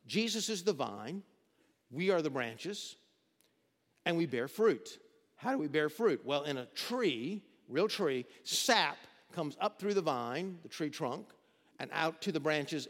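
Male pastor, fairly high voice, emphatic sermon delivery, long church reverb. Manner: emphatic preaching, swinging between loud urgency and low intimacy.

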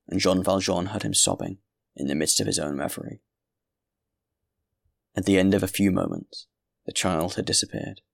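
A very deep, gravelly male voice reads a classic novel in a measured, grave way. The sound is dry and close, with no room around it. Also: dry recording. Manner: measured, grave literary reading. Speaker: audiobook narrator. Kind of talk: scripted narration.

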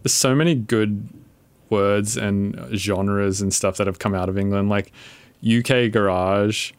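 A laid-back male podcast host with a fairly low voice, loose and chatty, dropping the odd swear word. He sounds dry and close to the mic. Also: fairly even intonation, unhurried, clear, resonant tone, dry recording. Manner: laid-back, laughs often, casual swearing. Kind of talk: casual podcast chat.

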